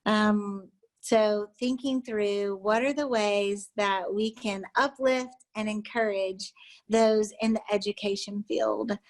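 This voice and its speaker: Slow-talking woman guest speaker. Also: medium pitch, poor audio. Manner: warm, encouraging, many "um" pauses. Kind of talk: presentation and reading a children's book aloud. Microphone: video call.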